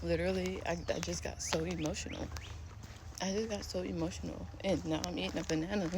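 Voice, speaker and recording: A woman's voice: lowish voice, steady tone, fairly quick. A woman vlogging casually while hiking an outdoor trail, talking into a phone held at arm's length in a rambling, chatty way full of fillers and laughs. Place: outdoor nature trail near a pond. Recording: outdoor ambience with clear background noise.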